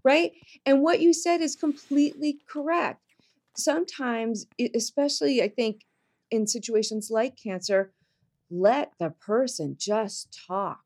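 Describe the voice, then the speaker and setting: A woman guest on a podcast, talking in a reflective, unhurried way, slowing down to stress her points. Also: on the high side, a little mellow. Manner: reflective, slows down to stress points, many fillers. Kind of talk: casual podcast conversation.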